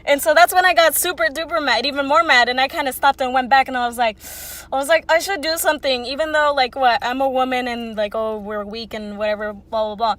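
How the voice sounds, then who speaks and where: A woman's voice: high voice, fairly even intonation, brisk, fairly bright tone, no room sound. A woman in her twenties telling a casual storytime, rambling and swearing freely with lots of "like". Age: 20s. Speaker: vlogger.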